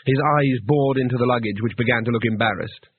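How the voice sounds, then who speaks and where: A man reading a comic fantasy novel aloud in steady, wry scripted narration. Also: medium pitch, a little fast, a little hiss or hum. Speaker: audiobook narrator. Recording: tinny, dry, phone-like audio.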